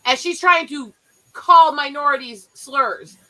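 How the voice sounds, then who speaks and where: A woman in casual commentary chat, blunt and animated, swearing freely and mimicking people as she retells stories. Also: high-pitched, takes it slowly, slight background noise, low-quality recording.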